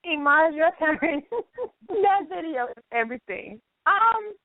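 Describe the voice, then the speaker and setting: A woman's voice: extremely high pitch, takes it slowly. A woman hosting a casual chat show, telling stories with frequent laughter. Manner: laughs often, animated storytelling. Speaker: host. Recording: tinny phone line.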